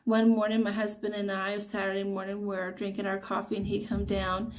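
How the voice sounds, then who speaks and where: A middle-aged woman, telling a religious testimony as a mother in an earnest, halting way with many fillers. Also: medium pitch, completely flat delivery.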